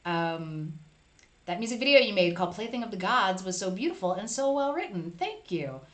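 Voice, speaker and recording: A woman's voice: medium pitch, sing-song, normal speed, a bit bright. Lady doing a live stream, chatty, reading out viewer comments, webcam at home. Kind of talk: casual live-stream chat.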